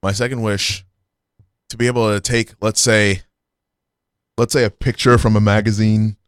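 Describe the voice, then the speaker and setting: A man's voice: on the low side, little pitch movement, clean tone, dry recording. A man co-hosting a silly live web talk show, rambling with lots of restarts and fillers. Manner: rambling, halting, with many restarts. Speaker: co-host. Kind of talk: casual comedic chat. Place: small room, live web stream.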